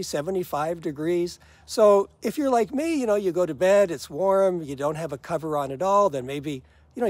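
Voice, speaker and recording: An older man with a fairly high voice talks casually to the camera, complaining with a wry, self-mocking humor. The sound is close and dry, with no room echo. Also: a little mellow. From United States. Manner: chatty, wry, laughs at his own gripes. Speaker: vlogger.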